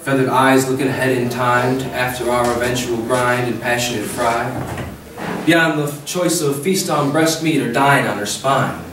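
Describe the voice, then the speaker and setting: A man reading a poem aloud at an open mic, measured and slowing for emphasis. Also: mid-range voice, crowd noise. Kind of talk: poetry reading. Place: cafe stage at an open mic. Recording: very echoey cafe, distant mic.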